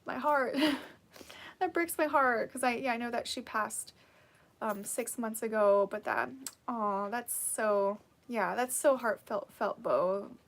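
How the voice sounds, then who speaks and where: A woman's voice: a little high, takes it slowly. A woman hosting a casual live stream who reads out viewer comments, encouraging and laughing often, sleepy and yawning.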